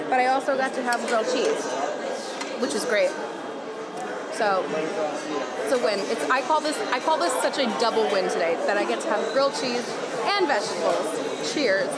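A young woman vlogging with gushing, chatty enthusiasm as she tastes food and drinks at a hotel rooftop bar. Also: a little high. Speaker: travel vlogger. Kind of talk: casual food and travel vlog. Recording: noisy crowded bar. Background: loud crowd and chatter.

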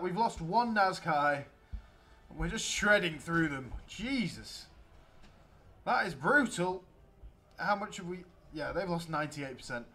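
A young man giving excitable, chatty commentary while playing a strategy game. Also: fairly high pitch. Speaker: let's play gamer. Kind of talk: gameplay commentary.

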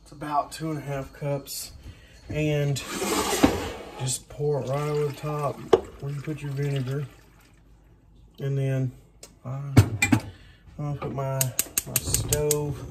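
A man's voice: on the high side, heavy background noise. A man cooking in his home kitchen, chatting in a rambling, self-deprecating way with plenty of asides. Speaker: home cook. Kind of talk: casual cooking vlog chat.

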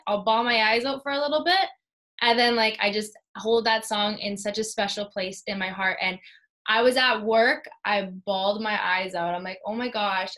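Woman, podcast host, very bright tense voice, gushing and heartfelt. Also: mid-range voice. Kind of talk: casual podcast interview.

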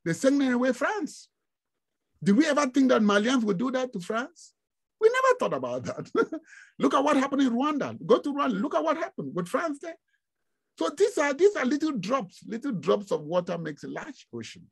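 A man from Africa giving an informal online lecture, animated and exclamatory, often breaking into laughter. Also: very high voice, normal speed, creaky, husky. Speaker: guest lecturer.

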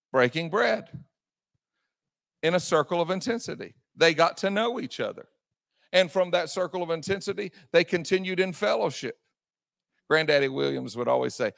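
In a church sanctuary, a male pastor gives a fiery sermon in a high, gravelly voice, pounding the same phrases repeatedly. He alternates between shouting and quieter asides. The recording is close and dry, without echo.

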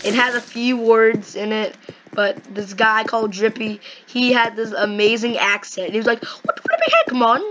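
Chatty high-voiced female gamer. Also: normal speed. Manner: chatty, rambling, excitable. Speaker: gaming video host. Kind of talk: casual chat while playing. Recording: noisy home mic recording.

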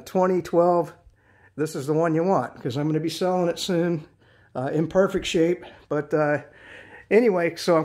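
A man in his late fifties giving a rambling, chatty scooter review, full of fillers, restarts and blunt mild swearing. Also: a little high. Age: 50s. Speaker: product reviewer. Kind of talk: casual video review.

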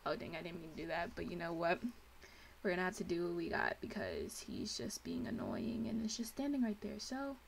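A woman's voice: lowish voice, big pitch swings, fairly quick, gravelly, a little hiss or hum. A young woman hosting a casual let's play, gushing and chatty as she comments on her game.

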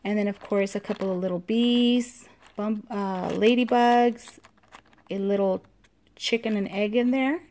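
A woman vlogger casually showing her handmade craft pieces, talking unhurriedly with frequent ums and pauses and gushing over the small details. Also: mid-range voice, steady tone, darkish tone. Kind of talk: casual show-and-tell.

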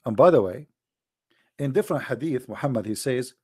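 A man giving a sarcastic, scoffing monologue, slowing right down whenever he reads a quote aloud. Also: mid-range voice, expressive, dark tone, breathy edge, no room sound, studio quality. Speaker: online commentator. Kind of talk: mocking monologue commentary.

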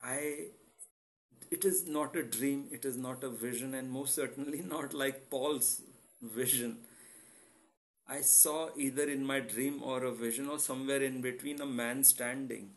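A man's voice: medium pitch, fairly even intonation, unhurried. A middle-aged man from India with an Indian accent, preaching and sharing a personal testimony in an earnest, confessional way and calling his listeners "guys". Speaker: online church founder and preacher.

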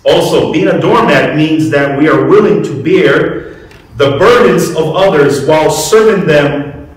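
A man's voice: fairly high pitch, a little slow. A man preaching a sermon to a congregation in a conversational way, asking them questions as he goes. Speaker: pastor. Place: church hall. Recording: echoey room, mic at a distance.

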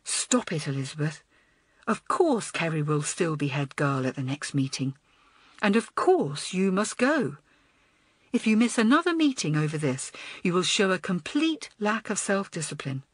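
A woman reading a gentle, firm senior schoolgirl. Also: fairly low pitch, big pitch swings, moderate pace, slightly rough, dry recording. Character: kind, composed senior schoolgirl.

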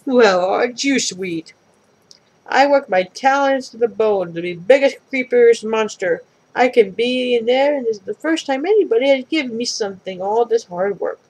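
A woman's voice: a little high, expressive, normal speed, darkish tone, low-quality recording. A woman reading aloud and voicing a big furry horned monster who is shy and earnest. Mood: confiding.

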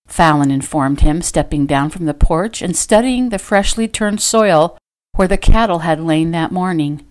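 Woman narrating her own novel, lowish voice. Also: animated, unhurried, a little mellow. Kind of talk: audiobook narration.

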